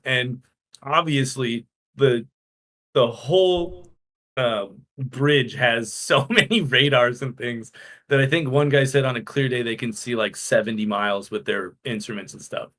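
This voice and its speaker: An easygoing man chatting on a podcast. He explains things in long, run-on stretches, in a relaxed, conversational way. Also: mid-range voice, a little slow. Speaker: podcast co-host. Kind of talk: casual chat.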